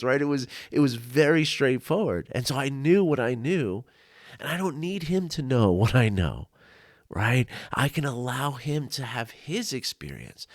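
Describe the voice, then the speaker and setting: A male life coach telling a personal story to camera, earnest and reflective, with frequent "you know" and "right?" asides and soft laughs. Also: medium pitch, no echo, studio quality. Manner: laughs often between thoughts. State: tearful at times.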